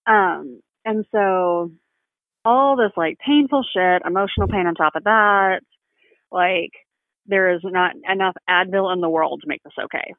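A woman's voice: on the low side, unhurried, dry recording. A woman from the South, talking frankly and bluntly, swearing freely as a guest in a casual chat. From Southern United States. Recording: phone-like narrow sound.

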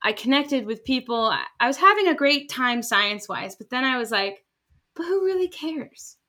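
A woman scientist in her thirties, explaining her research in lively casual conversation and acting out quoted voices. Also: on the high side, normal speed. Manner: animated, acts out quoted voices. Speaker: scientist guest.

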